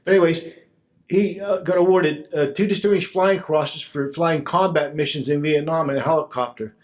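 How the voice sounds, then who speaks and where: A man emceeing a fundraiser, making loud, salesman-like announcements and introducing the next speaker. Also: on the high side, steady tone, moderate pace. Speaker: event emcee.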